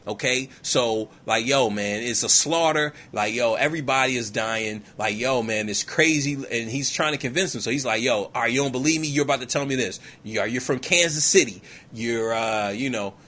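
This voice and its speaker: A man recaps a film for laughs in loose street slang, his voice bright and forceful. He keeps the story rolling with "yo, man" and "you feel me," and jumps into quick impressions of the characters along the way. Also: mid-range voice. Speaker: podcast host. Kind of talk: comedic movie recap.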